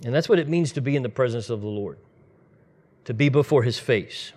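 A man's voice: medium pitch, animated, brisk, darkish tone. A man preaching a sermon in a conversational, storytelling way, speeding up in bursts. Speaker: pastor.

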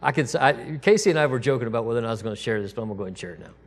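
A man preaching in a loose, conversational way, his voice sitting at an ordinary middle pitch. When he quotes God he goes hushed and gentle, then comes back up to his normal speaking level. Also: animated, very fast. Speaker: pastor. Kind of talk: sermon.

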